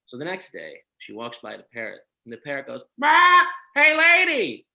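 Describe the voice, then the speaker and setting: A man co-hosting a comedy chat, telling jokes and doing quick impressions in a loose, animated way. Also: mid-range voice, creaky, rough recording. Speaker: comedian and co-host.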